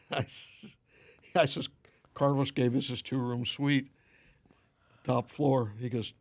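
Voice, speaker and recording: A man chatting as a podcast guest, spinning anecdotes in an easygoing way. His voice sits at an everyday middle pitch. He slips into the voices of the people in his stories as he goes. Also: slow pace. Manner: animated storyteller, acts out quoted dialogue. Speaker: podcast guest, limo company owner. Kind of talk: casual anecdote telling.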